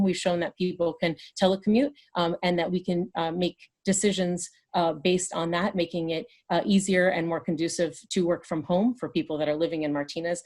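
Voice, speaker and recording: A woman with a somewhat low voice, speaking over a video call as a council candidate. She pauses often and fills the gaps with small fillers as she builds each point. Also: a little mellow. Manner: hesitant, many fillers. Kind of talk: candidate forum answer.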